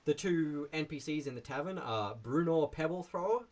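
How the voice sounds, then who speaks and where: A man with a slightly higher voice walks through his tabletop adventure in a relaxed, rambling way on a live stream. His pitch moves around a lot as he talks. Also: moderate pace, slight background noise. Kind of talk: casual explanation of a tabletop adventure.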